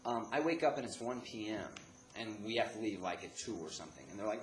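A man from the Chicago area telling a comic story, animated, jumping between laughing outbursts and hushed asides. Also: lowish voice, fast talker. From Chicago area, United States. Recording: echoey room with background noise.

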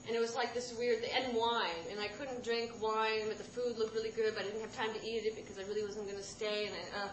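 A woman in her thirties telling a comic personal story to a live audience, rambling and self-deprecating, with sudden loud outbursts. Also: a little high, little pitch movement, fast talker, hardly any pauses. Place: stage in a room with a live audience. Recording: roomy live room with background noise.

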